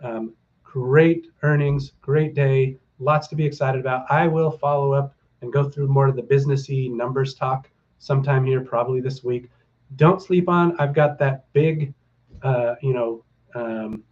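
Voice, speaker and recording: A middle-aged man hosting a stock market livestream chats casually with his viewers in a mid-range, darkish voice. Loose and upbeat, he rambles, fills gaps with lots of ums, and rallies his audience, all through a slightly dull home-mic sound.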